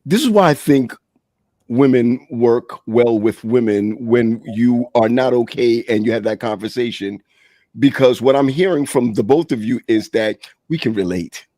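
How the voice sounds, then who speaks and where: A man's voice: mid-range voice, measured pace, dark tone, no room sound. Man chatting, stammers and restarts a lot, dry close sound. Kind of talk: casual chat.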